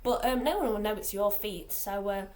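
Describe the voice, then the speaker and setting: A teenage girl from England vlogs casually in a mid-range, slightly mellow voice at normal speed. She chats aimlessly and rambles, with plenty of fillers and restarts.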